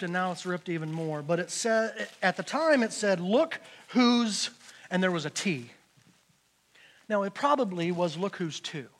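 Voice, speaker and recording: A middle-aged male pastor preaching a sermon, telling stories with big swings from shouting to hushed speech. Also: sits high.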